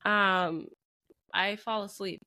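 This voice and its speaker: Chatty mom co-host, thirties, animated storyteller who laughs easily. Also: female voice, mid-range voice, slow. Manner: chatty, laughs often, acts out quotes. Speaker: podcast co-host. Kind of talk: casual chat.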